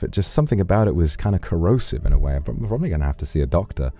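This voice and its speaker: A man's voice: deep voice, racing, hardly any pauses, soft background music. A man streaming, casually reading out donations in a teasing, flirtatious, rambling way. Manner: relaxed, rambling, with fillers.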